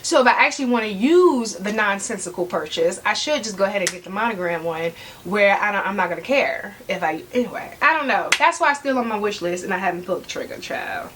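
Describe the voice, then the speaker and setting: A woman's voice: medium pitch, fast, few pauses, background noise. A woman vlogger, chatting casually and sassily to her viewers, often checking in with "okay?". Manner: sassy, animated, talks straight to viewers with frequent "okay?". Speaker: fashion vlogger. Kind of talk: casual chat to camera.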